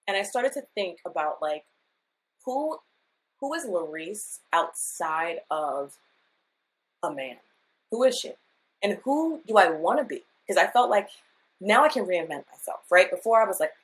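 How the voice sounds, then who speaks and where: A woman's voice: mid-range voice, very animated, a little slow, pauses often, poor audio. A woman guest on a podcast, candidly telling a personal story with feeling and acting out her past self in quotes. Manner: emotional, confessional storytelling. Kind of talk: candid casual chat.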